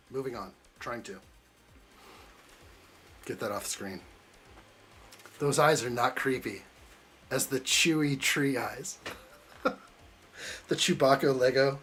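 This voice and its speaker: A man of middle pitch hosts a relaxed live stream, tossing out jokes and playful teasing as he answers his chat. Faint music plays quietly behind him. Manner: joking, teasing banter while reading chat aloud. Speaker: live stream host building a model kit.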